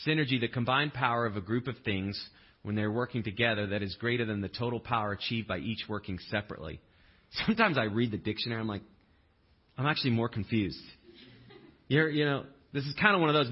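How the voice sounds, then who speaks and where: A male pastor delivering a sermon in a relaxed, conversational way, with humorous asides and acted-out quotes. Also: fairly low pitch, slightly rough, lo-fi sound.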